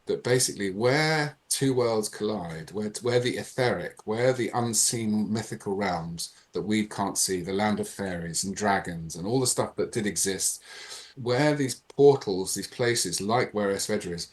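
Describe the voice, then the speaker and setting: A man, a podcast guest, telling a personal story in a lively, animated way. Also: fairly low pitch, unhurried. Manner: animated, reenacts dialogue in changing voices. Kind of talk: casual storytelling.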